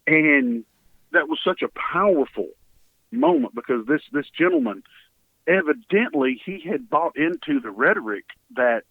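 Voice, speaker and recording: An earnest Texan man tells a heartfelt story, his pitch rising and falling a great deal. His voice has a gravelly edge. It comes through a dry, tinny phone line. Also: huge pitch swings, unhurried, no room sound. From Texas. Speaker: guest, hurricane relief volunteer. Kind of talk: storytelling in an interview.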